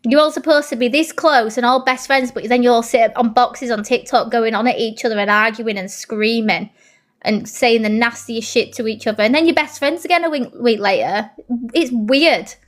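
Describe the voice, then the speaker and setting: Brief: high-pitched British woman, heated blunt rant with swearing, talks to her live viewers. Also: moderate pace. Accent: British English. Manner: addresses her viewers and reads their comments. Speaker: TikTok live streamer. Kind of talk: angry ranting commentary.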